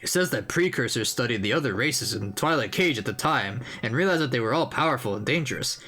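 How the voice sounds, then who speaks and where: Nestor, a man reading an old, gentle echidna historian. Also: mid-range voice, animated, a little fast. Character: elderly male echidna historian, gentle, wistful, homesick. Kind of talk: reading game dialogue aloud.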